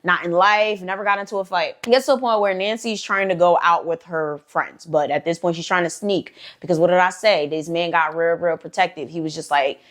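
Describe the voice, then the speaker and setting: A woman's voice: lowish voice, fairly even intonation, fairly quick, hardly any pauses. A woman hosting a storytime channel, telling a story casually with lots of slang, "like" fillers and swearing.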